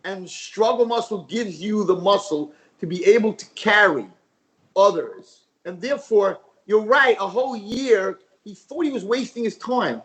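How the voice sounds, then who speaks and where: A man, a rabbi, telling a parable as a guest on a talk show, lively and repetitive. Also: high-pitched, unhurried, low-quality recording. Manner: animated storyteller, repeats phrases.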